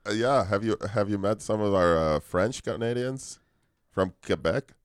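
A man's voice: on the low side, moderate pace, clear, resonant tone, no room sound, studio quality. A man co-hosting a comedy podcast, joking around in a put-on Canadian accent and laughing often. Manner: jokey, puts on a mock Canadian accent ending lines with eh. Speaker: podcast co-host. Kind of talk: casual comedic banter.

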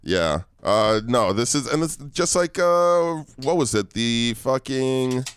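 A man's voice: medium pitch, lively intonation, takes it slowly, clean tone. A man co-hosting a casual podcast, rambling through the news with lots of fillers and restarts. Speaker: podcast co-host.

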